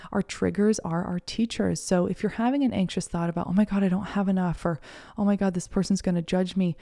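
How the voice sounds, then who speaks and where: Woman, podcast host, gravelly texture, mellow tone, soft and encouraging delivery. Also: medium pitch. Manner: soft, reflective, gently encouraging. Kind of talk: casual motivational monologue.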